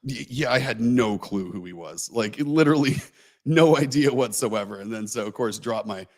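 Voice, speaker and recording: A man's voice: medium pitch, animated, normal speed. A man co-hosting a casual livestream, telling a long, rambling, self-mocking anecdote full of fillers and restarts. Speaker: co-host telling a story.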